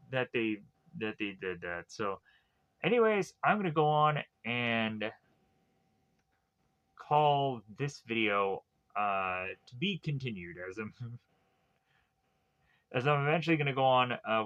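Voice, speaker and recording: Rambling man with a bright voice. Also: fairly low pitch, clean tone, highs cut off. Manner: meandering, heavy use of fillers and restarts. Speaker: TV series reviewer. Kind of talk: rambling casual review. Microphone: tablet recording.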